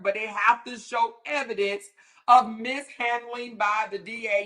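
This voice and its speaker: A woman's voice: on the high side, steady tone, moderate pace, bright, forceful tone. A woman hosting a casual commentary talk show, speaking sassily with lots of profanity, mockery and laughter. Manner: sassy, profane, mocking, laughs often. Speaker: commentary host.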